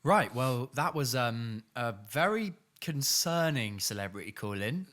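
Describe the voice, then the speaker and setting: A man's voice: medium pitch, animated, measured pace, fairly bright tone, soft background music. A man hosting a comedy podcast, bemused and hesitant, laughing often and tripping over his words. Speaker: podcast host. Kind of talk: casual comedy chat.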